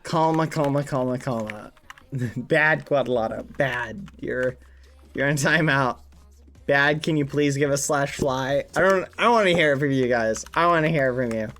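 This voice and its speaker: A woman streaming gameplay and chatting with her viewers, theatrical, swinging between low mutters and loud frustrated yelps. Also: moderate pace, slight background noise. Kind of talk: live-streamed gameplay chat.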